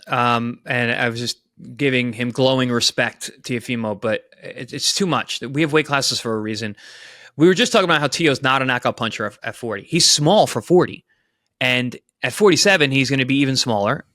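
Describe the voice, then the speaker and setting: A man, a former pro boxer, talking boxing in a casual podcast chat, and his voice jumps up when he gets excited. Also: a little high, no echo, clean studio sound.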